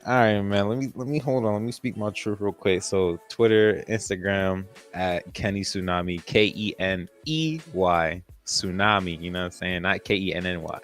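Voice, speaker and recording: Deep-voiced young man with laid-back banter. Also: normal speed, hardly any pauses, a bit bright, soft background music. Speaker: podcast guest. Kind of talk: casual chat.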